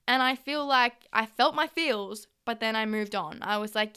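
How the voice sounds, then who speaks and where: A young Australian woman in her twenties hosts a solo podcast in a slightly high, pushed and bright voice with a clean tone. She talks at a moderate pace with hardly any pauses, chatty, candid and sweary, acting out her own reactions.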